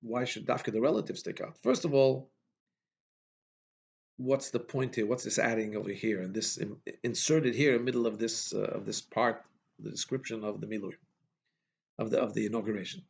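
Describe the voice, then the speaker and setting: A man's voice: fairly low pitch, normal speed, creaky. A man teaching a Torah class as a rabbi, posing questions and emphatically restating verses, with many restarts. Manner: questioning, emphatic, frequent restarts and Hebrew terms.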